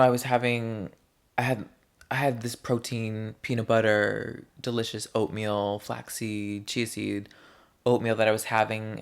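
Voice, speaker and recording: A young vlogger talks straight to camera in a casual, chatty monologue, rambling playfully and candidly and drawing out his words. His voice is fairly low with vocal fry.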